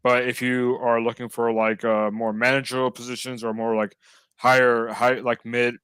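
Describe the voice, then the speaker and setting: A man talks in easy, rambling conversation, full of fillers and restarts. His voice is smooth and resonant. It sounds close and dry, with no room around it. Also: medium pitch, little pitch movement, normal speed, a bit bright, dry recording. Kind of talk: casual chat.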